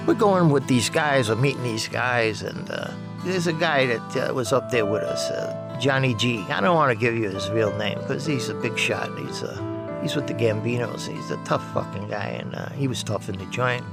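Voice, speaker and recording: An older man telling rambling, profane stories with lots of halting restarts. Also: mid-range voice, gravelly, over loud music. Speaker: interviewee. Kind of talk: personal storytelling.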